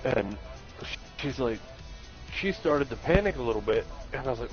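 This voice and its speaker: A man's voice: mid-range voice, animated, moderate pace. A man telling his own painful mishaps as jokes, laughing along in casual chat. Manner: laughs through his own painful stories, joking and self-mocking. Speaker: live stream chat participant. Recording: muffled lo-fi stream audio with faint music.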